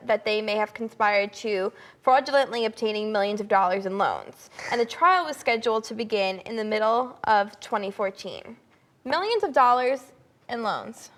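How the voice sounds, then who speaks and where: A woman's voice: mid-range voice, normal speed, few pauses, a bit bright. A young woman co-hosting a casual entertainment news chat, talking in a gossipy way with fillers. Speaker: co-host.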